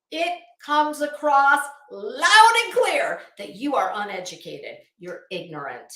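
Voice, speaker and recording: A middle-aged woman vents in a casual, profane commentary, her tone sharp with sarcasm. Her voice is bright and sits a little high. The room adds a noticeable echo to every line. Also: big pitch swings, measured pace. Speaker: YouTube commentator. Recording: roomy echo.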